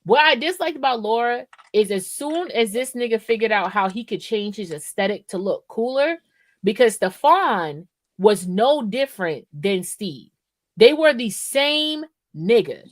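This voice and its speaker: Woman podcast co-host, casual and profane, rambling style, slightly high pitch, dry close recording. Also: lively intonation, measured pace, dry recording. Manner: profane, rambling, keeps asking "right?". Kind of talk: casual chat.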